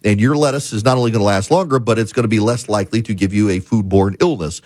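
A man's voice: lowish voice, fast talker, darkish tone, no room sound. A middle-aged man hosting a talk radio show, telling stories emphatically and building to a punchline.

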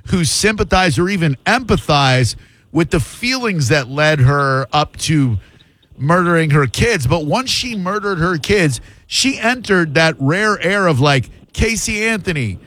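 A man hosting a call-in talk radio show, quick and wry, voicing firm opinions. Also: on the high side, expressive, fairly bright tone. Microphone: studio microphone.

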